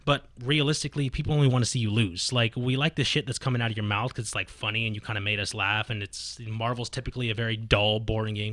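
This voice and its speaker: Fast-talking, blunt man on a podcast. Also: medium pitch, no echo. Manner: fast, animated, profane storytelling full of fillers. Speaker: podcast guest, competitive fighting game player. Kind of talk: casual podcast chat.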